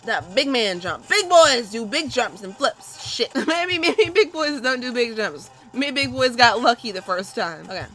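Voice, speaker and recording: Young woman gamer, high and bright, yelps and swears through play, game music faint behind. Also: expressive, a little slow, few pauses. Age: young adult. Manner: loud, cursing, squealing reactions. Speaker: gaming video host. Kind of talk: excitable gameplay commentary.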